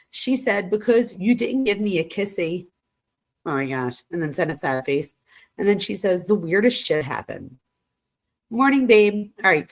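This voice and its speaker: A woman hosting a true crime channel, reading text messages aloud and breaking off with shocked asides. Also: fairly low pitch.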